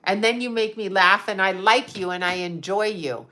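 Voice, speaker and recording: A woman in her fifties talks casually to her viewers with a bright, forward voice. She is blunt and sarcastic, swears freely and laughs often between remarks. Her pitch sits at a middling height for a woman. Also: normal speed. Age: 50s. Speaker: psychic medium and livestream host. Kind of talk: casual livestream chat answering viewers.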